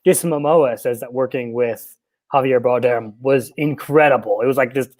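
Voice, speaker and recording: A man's voice: mid-range voice, moderate pace, a little mellow. A young man co-hosting a casual podcast, retelling film scenes with quoted bits and frequent laughs. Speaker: podcast co-host.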